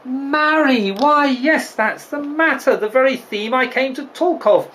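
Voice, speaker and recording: A man voicing a composed noble mother who speaks in a measured, formal way. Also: very high voice, a bit bright, a little hiss or hum, pitched above the performer's own voice, poor audio.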